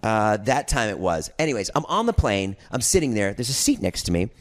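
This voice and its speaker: Man, low voice, very lively pitch, casual podcast storytelling. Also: a little fast. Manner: animated storyteller, acts out quotes. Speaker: podcast co-host.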